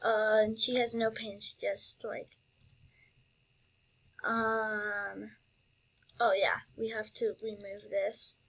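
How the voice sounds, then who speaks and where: A woman's voice: medium pitch, little pitch movement, very slow, pauses often, a bit bright, husky. A woman giving casual gameplay commentary, giddy and gushing, with lots of fillers and exclamations. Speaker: gameplay video creator.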